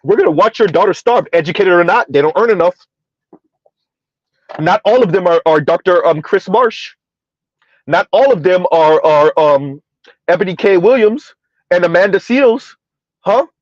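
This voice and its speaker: Emphatic sarcastic man with high voice. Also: lively intonation, no echo, muffled recording. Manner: emphatic, sarcastic, drawn-out repetition with frequent "huh?". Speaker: commentary channel host. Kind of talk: reaction commentary. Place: South Florida.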